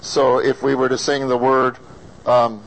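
This singing or diction teacher, an American man, patiently demonstrates vowels for his class and quizzes his students. He speaks in a mid-range, level voice with a measured pace and some creak, captured on a rough recording.

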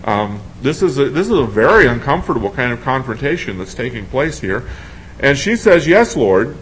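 A man's voice: medium pitch, big pitch swings, fairly quick, a bit bright, a little hiss or hum, poor audio. A man preaching a sermon in a conversational way, asking his congregation questions and thinking aloud as he reads scripture.

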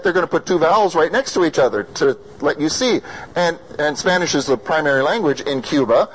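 An American-accented man with a slightly high voice teaches a class on vowel sounds as a singing or diction teacher. He patiently sounds out the vowels and questions his students, and the recording is rough.

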